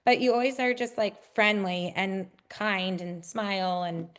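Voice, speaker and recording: Woman, real estate agent, casual chat, lots of "like" and "um", bubbly acted-out greetings, mid-pitched voice. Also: measured pace, smooth. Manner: bubbly, acts out greetings in a high excited voice; many fillers like "like" and "um".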